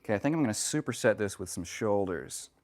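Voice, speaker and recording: Very deep-voiced woman, wry workout streamer. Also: lively intonation, quick pace, darkish tone. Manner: wry, profane, teasing chat. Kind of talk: casual livestream chat while working out.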